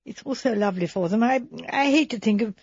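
Brief: a woman doing a warm, impulsive young woman, earnest, breathy tone. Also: a little high, no echo, lo-fi sound. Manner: earnest, halting.

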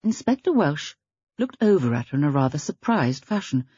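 A woman narrating a story in an even, unhurried manner. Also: low voice, breathy edge, no echo, highs cut off. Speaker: audiobook narrator. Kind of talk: scripted narration.

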